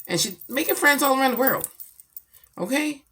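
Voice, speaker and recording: A middle-aged woman chatting casually about her daughter, animated and slangy as she tells stories. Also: high voice, moderate pace, breathy edge. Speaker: vlogger, mother. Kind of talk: casual chat.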